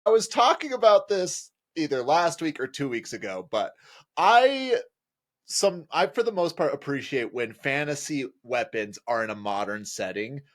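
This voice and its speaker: Lively, wry man in a podcast chat. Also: medium pitch, moderate pace.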